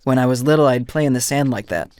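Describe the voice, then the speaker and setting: A man's voice: medium pitch, fast talker, darkish tone. German-accented man lecturing on the psyche. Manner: storytelling, acts out dialogues. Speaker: therapist and lecturer. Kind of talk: lecture to an audience.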